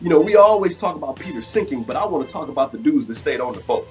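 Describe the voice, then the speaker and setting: A man's voice: fairly high pitch, expressive, quick pace, faint music behind. A man hosting a live online show who delivers a short sermon, speaking casually with fillers and building into preacherly rhetorical questions. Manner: preacherly, repetitive rhetorical questions, rising intensity; casual, many fillers and restarts. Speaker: host.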